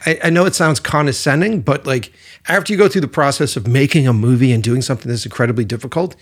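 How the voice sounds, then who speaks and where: A man co-hosting a podcast, telling a personal story in a loose, animated way and swearing freely. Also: mid-range voice, fast talker, slightly rough. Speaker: podcast co-host. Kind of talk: casual storytelling chat.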